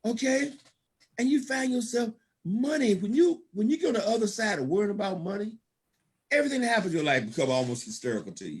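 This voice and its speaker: A man's voice: high-pitched, sing-song, fast, darkish tone, husky. A man giving a motivational storytelling talk at a business event, laughing often and calling out praise in a folksy, preacher-like way. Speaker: guest speaker at a business opportunity event.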